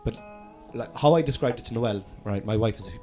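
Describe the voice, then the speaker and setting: A man's voice: medium pitch, quick pace, music in the background. A man with an Irish Cork accent hosting a casual comedy podcast chat, rambling with hesitant fillers and casual swearing.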